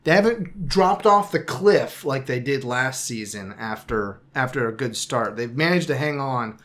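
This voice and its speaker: Male podcast co-host, casual football chat, wry and self-deprecating, mid-pitched voice. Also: expressive, a little slow, fairly bright tone.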